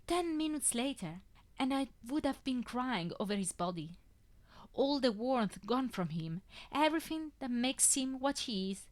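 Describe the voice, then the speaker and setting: A woman reads a first-person fanfiction story aloud at a measured pace. Her voice is mid-pitched and carries the emotion of the scenes. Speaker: fanfiction reader.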